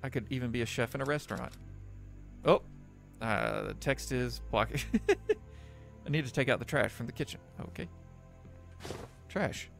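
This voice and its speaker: Over soft background music, a young gaming let's player reads a horror game's text aloud in a joking, sarcastic way, often breaking into laughter. His mid-range voice has vocal fry and lively intonation, unhurried and full of pauses, picked up by a desk microphone.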